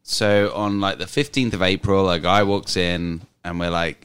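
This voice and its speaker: A man's voice: deep voice, steady tone, a little slow, fairly bright tone, smooth. An English man who owns a pub, telling stories in casual chat, swearing freely and laughing as he goes. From England. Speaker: pub owner and guest.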